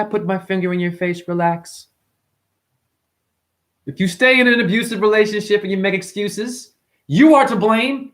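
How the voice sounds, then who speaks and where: A man ranting profanely to his livestream chat, often mimicking customers in high voices. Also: fairly bright tone. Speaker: livestream host. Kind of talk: rambling livestream rant.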